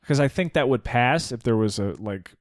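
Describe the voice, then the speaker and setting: A man's voice: medium pitch, expressive, normal speed, no echo, studio quality. A man in casual political chat, running through results matter-of-factly. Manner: plain, matter-of-fact, reads off results. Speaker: podcast host.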